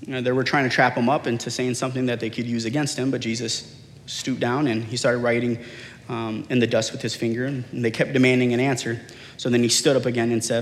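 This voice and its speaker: A middle-aged male pastor preaching a sermon, telling personal stories with animated acted-out dialogue. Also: medium pitch, fast talker. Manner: animated storyteller, acts out quoted dialogue. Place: large church hall. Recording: long hall reverb.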